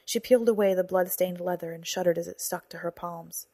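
Here a woman narrates a novel for an audiobook, performing the dialogue by whispering and raising her voice. She speaks fairly quickly in a warm, low-leaning voice with a steady tone, and there is no echo.

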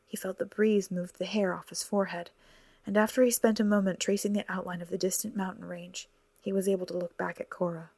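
A woman narrating an audiobook in a soft, hushed, partly whispered delivery. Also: medium pitch, level tone, fairly quick, vocal fry, dry recording.

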